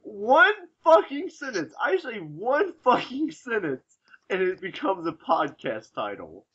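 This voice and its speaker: A man's voice: sits high, huge pitch swings, measured pace, fairly bright tone, slightly rough, dull audio. Giggly, profane young male podcast host. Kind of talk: casual chat.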